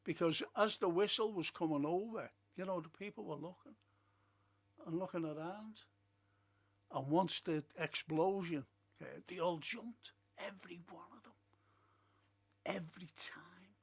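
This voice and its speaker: A man's voice: sits high, a little slow. A man hosting a film and TV review stream, telling stories and giving blunt opinions in casual chat. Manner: chatty storyteller, blunt opinions. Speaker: host of a film and TV review show. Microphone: streaming setup.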